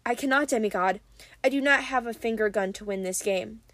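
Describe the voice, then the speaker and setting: An ancient hundred-handed giant speaks low and defeated, all hope gone from his murmur, as a woman reads him in a storybook. The voice sits a little high and the sound is close and dry. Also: a little fast, fairly bright tone, no echo, lightly acted. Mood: despairing.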